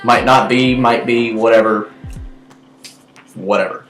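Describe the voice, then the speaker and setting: A young man giving a casual, rambling TV episode review, chatty and excitable, full of fillers and restarts. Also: mid-range voice, measured pace. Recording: echoey room with faint music.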